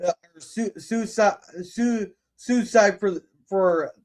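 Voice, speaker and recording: Speaking slowly in a high voice, this man hosts a laid-back podcast full of his own opinions. His delivery is blunt, with frequent cursing and clumsy false starts.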